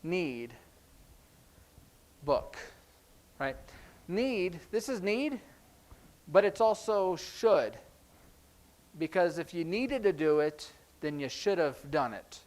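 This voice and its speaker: A man teaching a sign language class in a church classroom, explaining in a relaxed, conversational way with frequent ums. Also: fairly high pitch, slow pace, long pauses. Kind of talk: classroom lesson.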